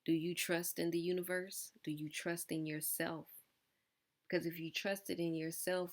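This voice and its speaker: A woman with a low-pitched voice gives a collective tarot reading. She fires off probing, searching questions at her listeners, then breaks off for loose, casual asides. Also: flat delivery, normal speed. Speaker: tarot reader.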